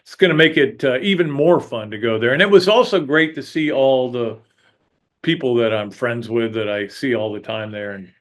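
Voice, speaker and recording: A man's voice: medium pitch, moderate pace. A man hosting a sports podcast, talking casually in a rambling, chatty way with frequent restarts. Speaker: podcast host. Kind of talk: casual sports talk monologue.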